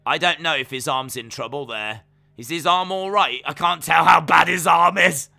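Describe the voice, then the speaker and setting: A young man hosting a live watch-along, commentating on fights and reading chat messages aloud, getting loud and excitable. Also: on the high side, moderate pace, vocal fry. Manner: excitable, shouting at big moments, reads chat aloud. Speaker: live stream host reacting to fights.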